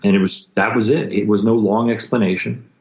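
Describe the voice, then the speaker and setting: Low guy telling war stories on a podcast, keeps restarting, kinda muffled sound. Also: fairly even intonation, a little mellow. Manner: intense, halting storytelling with many restarts and quoted voices. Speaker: guest musician. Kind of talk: storytelling in a podcast interview. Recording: dull lo-fi sound.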